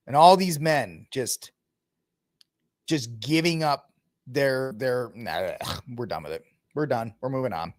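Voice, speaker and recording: A podcast host with a mid-range voice rants at a moderate pace in heated political commentary, full of sarcasm and mocking impressions. The recording is clean studio sound with no room sound.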